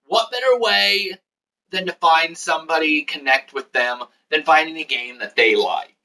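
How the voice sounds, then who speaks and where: A man's voice: fairly high pitch, normal speed, pushed and bright, distant mic, poor audio. A man hosting a casual chat, explaining at length in a rambling way. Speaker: host.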